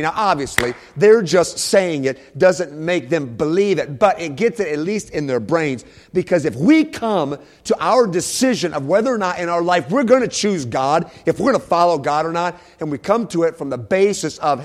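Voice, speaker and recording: Emphatic preacher man, rather high voice. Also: lively intonation, moderate pace. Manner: emphatic, repeats key phrases, swings from soft to loud. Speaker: pastor. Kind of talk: sermon. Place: church.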